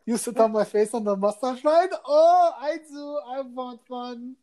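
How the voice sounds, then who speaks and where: A man doing a high gushing lederhosen guy. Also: unhurried, dark tone. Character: flamboyant eager man in lederhosen.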